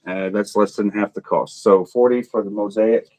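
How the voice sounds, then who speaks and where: A man's voice: fairly low pitch, fairly even intonation, moderate pace, warm tone, no room sound, rough recording. A man running a casual live auction, joking and laughing as he calls out bids and buyers by name. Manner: joking, laughs often, self-teasing. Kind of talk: casual livestream auction chat.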